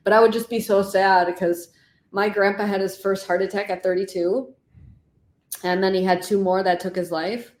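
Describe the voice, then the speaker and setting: Middle-aged woman guest author, earnest and talkative, average pitch, echoey room sound. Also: fairly even intonation, moderate pace. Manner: heartfelt, talkative, many "like" fillers. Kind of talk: casual interview conversation.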